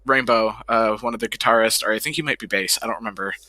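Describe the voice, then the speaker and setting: A man's voice: fairly low pitch, quick pace, pushed and bright, no room sound. A man livestreaming, chatting casually in a rambling way and swearing freely. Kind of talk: casual chat.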